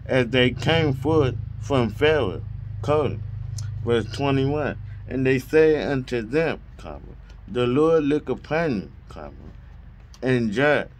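A man reading scripture aloud verse by verse, speaking each punctuation mark aloud and sometimes restarting a phrase. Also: mid-range voice. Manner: reads punctuation marks aloud, deliberate; occasional stumbles and restarts. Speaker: Bible reader.

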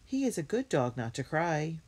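A woman's voice: low-pitched, very animated, moderate pace, a little mellow, slightly rough, pitched above the performer's own voice, full character voice. A woman doing a helpful young girl. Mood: eager. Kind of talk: storybook read-aloud.

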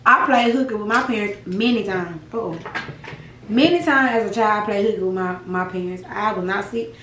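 A woman's voice: mid-range voice, fairly quick, fairly bright tone, echoey room, recorded from a distance, slight background noise, low-quality recording. A young woman vlogging to camera while eating, chatting to viewers in a folksy, laughing way with asides like "child" and "baby". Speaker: mukbang vlogger.

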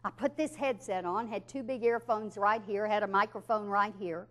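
A woman telling a funny story in a lively, chatty way, often laughing as she goes. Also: medium pitch, normal speed. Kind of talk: comic storytelling.

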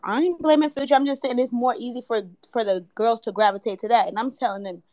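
Young woman, casual chat, blunt advice, higher voice. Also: steady tone, fast, darkish tone, no echo. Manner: blunt, advising.

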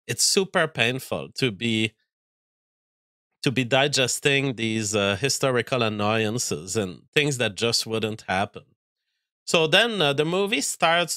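A man's voice: mid-range voice, sharp tone, dry recording, clean studio sound. A man hosting a show and giving a casual spoken film review, exasperated and rambling, often breaking off and restarting sentences.

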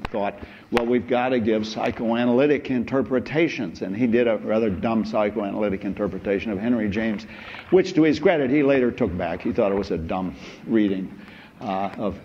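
A man's voice: lowish voice, brisk. An older man giving an anecdotal university philosophy lecture, wry and rambling with chuckling asides. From United States. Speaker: philosophy professor. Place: lecture hall. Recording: dull lo-fi lecture recording with faint hiss.

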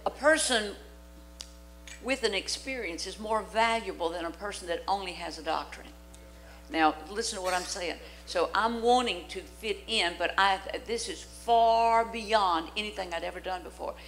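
An older woman from Louisiana, preaching a storytelling sermon in a church, dramatic and animated as she acts out the voices in her stories. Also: medium pitch, normal speed, slight background noise, low-quality recording. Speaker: guest preacher. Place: church sanctuary.

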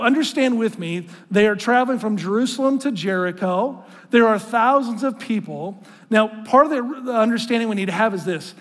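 A male pastor with a notably high voice preaches in an earnest, conversational way, often stumbling and restarting as he goes. He draws the congregation in and calls them to read aloud with him. His words ring out with a long reverb through a large church hall. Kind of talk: sermon. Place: church sanctuary.

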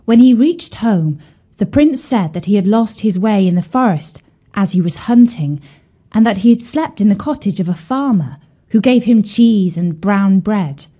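A woman telling a children's fairy tale in a gentle, confiding way, speaking directly to her young listeners. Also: medium pitch, animated, moderate pace, slightly rough. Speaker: storyteller. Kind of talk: storytelling for children.

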